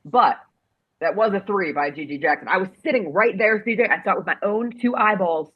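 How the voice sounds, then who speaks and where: A woman's voice: medium pitch, animated, fairly quick, muffled recording. A woman hosting a sports talk show, chatting casually with playful, dramatic outrage.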